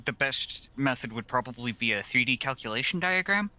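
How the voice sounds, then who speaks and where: Man, role-play player, sharp bright voice, explaining plans. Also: mid-range voice, lively intonation, brisk, no echo, muffled recording. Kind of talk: casual tabletop role-play chat.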